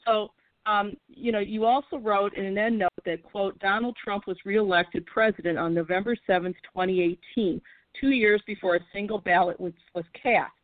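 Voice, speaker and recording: A woman's voice: mid-range voice, fairly even intonation, no room sound. Woman interviewer on a tinny line. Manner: reads quotes aloud, halting with fillers. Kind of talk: radio interview, reading quotes. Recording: dry, tinny phone line.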